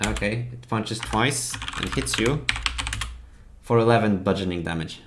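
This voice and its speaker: Halting, low-voiced man running a game. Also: noisy background. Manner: halting, full of fillers and restarts. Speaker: dungeon master. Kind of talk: narrating a tabletop game.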